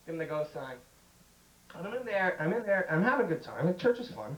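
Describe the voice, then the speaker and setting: A man's voice: high-pitched, very animated, fast, roomy sound, rough recording. A man doing a stand-up comedy routine, telling jokey stories and acting out bits in raised voices. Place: comedy stage.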